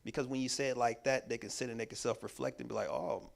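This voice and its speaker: A man's voice: mid-range voice, flat delivery, very fast, creaky. Emphatic man teaching a workshop. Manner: emphatic, repetitive preaching cadence; casual, conversational grammar. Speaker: workshop presenter. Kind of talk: teaching talk to a church audience.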